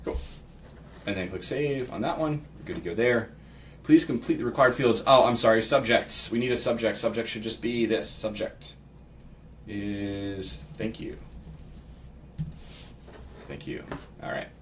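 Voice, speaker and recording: Low-voiced man walking through a tutorial. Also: unhurried, pauses often. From Pittsburgh, United States. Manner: relaxed, thinks aloud, reads template text aloud with asides. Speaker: real estate agent giving a software tutorial. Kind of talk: casual screen-share walkthrough. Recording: slightly distant mic with faint background noise.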